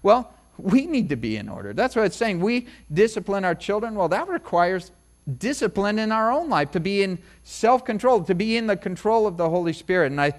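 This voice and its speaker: A man's voice: high-pitched, big pitch swings, a little fast. A middle-aged man preaching as a pastor, in a conversational sermon full of asides and personal stories. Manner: chatty, storytelling, many asides. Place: church service.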